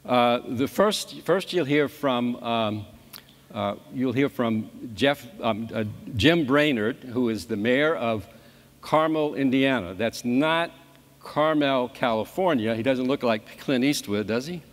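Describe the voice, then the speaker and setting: A man moderating a conference panel, speaking haltingly with many fillers and restarts, originally from New Orleans. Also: mid-range voice, expressive. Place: large conference hall. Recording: long hall reverb.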